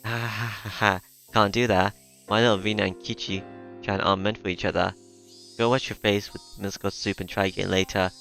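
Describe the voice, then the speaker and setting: A sly teenage girl with a mocking, breezy edge, read by a man in a low voice. She plays innocent and deflects. Soft music sits faintly behind her. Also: level tone, moderate pace, vocal fry. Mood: teasing.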